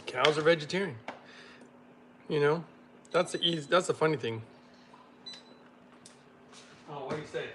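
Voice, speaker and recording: A man hosting a casual livestream, reading chat comments aloud and laughing often while making a smoothie. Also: on the high side, a bit bright, slight background noise.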